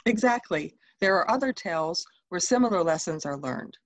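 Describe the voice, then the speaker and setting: Low-voiced woman library presenter. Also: expressive, normal speed, no echo. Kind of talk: scripted discussion.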